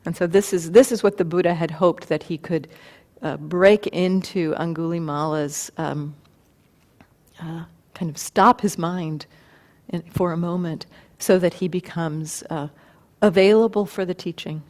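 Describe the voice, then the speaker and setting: A woman meditation teacher giving a dharma talk, unhurried and thoughtful, often pausing and restarting her sentences. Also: on the low side, steady tone, a little mellow. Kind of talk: dharma talk retelling a story.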